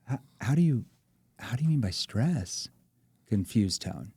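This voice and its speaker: A man, a sales trainer as guest, explaining sales techniques in an animated, demonstrative way, acting out different tones of voice. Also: mid-range voice, measured pace, slightly rough, no echo. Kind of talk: animated instructional chat.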